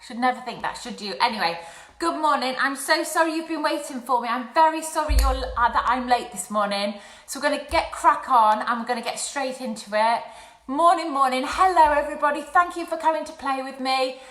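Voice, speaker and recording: A woman's voice: sits high, a little fast, a bit bright. Bubbly woman in an echoey room. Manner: chatty, apologetic and bubbly, addressing children. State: out of breath. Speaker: children's craft presenter. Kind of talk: live-streamed craft lesson for children. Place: home, indoors. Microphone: phone or webcam livestream.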